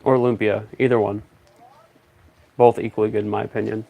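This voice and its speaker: A man chatting casually on a stream, rambling and thinking out loud in a relaxed way. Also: fairly low pitch, a little fast, gravelly. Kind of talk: casual chat.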